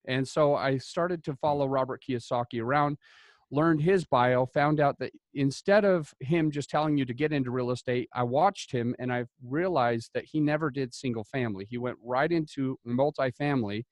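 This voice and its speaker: A man from Utah, a podcast guest telling his story in a casual, animated way. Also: mid-range voice, moderate pace, no room sound. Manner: animated, chatty, many "like" fillers.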